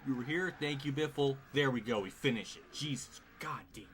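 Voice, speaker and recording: A man's voice: mid-range voice, normal speed, fairly bright tone. A man streaming a racing game live, commenting in an exasperated way, swearing often and laughing at himself. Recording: clear background noise.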